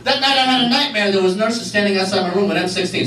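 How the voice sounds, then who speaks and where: A man giving a church message as an animated storyteller, often laughing between lines. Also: sits high, fairly quick. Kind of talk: storytelling sermon. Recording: echoey room, mic far off.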